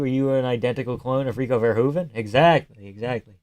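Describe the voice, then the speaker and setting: A man's voice: medium pitch, fast talker, a little mellow. A man hosting a live stream, reading viewer messages aloud and answering in a loose, joking way that sometimes drops to a near-whisper. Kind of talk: casual live stream chat.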